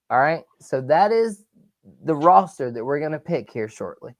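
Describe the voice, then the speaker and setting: A man hosting a live sports talk show, energetic and rambling, with loud outbursts. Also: fairly high pitch, normal speed, no room sound. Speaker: podcast host.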